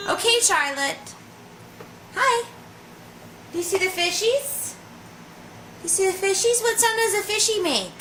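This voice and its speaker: A woman coaxing a baby at home in slow, high, sing-song baby talk. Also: big pitch swings. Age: adult. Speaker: parent talking to a baby. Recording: echoey room with background noise.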